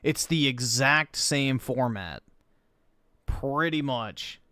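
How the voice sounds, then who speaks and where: A man's voice: medium pitch, slow, sharp tone, smooth, no room sound. A man hosting a livestream, reacting to videos in heated, profane rants. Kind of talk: live reaction commentary.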